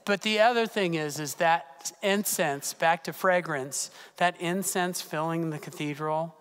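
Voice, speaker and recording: Male pastor, high voice, animated storytelling sermon, long church reverb. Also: unhurried, clear, resonant tone. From California. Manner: animated, personal storytelling with gasps and fillers. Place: church sanctuary.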